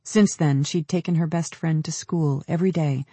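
A man narrating an audiobook in a measured, descriptive storytelling manner. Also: on the high side, fairly even intonation, mellow, husky, no room sound. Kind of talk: scripted narration.

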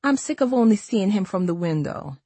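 A woman's voice: medium pitch, animated, brisk, warm tone, slightly rough, dry recording. A woman voicing her narrator's blunt, bossy young female friend in an audiobook. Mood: protective.

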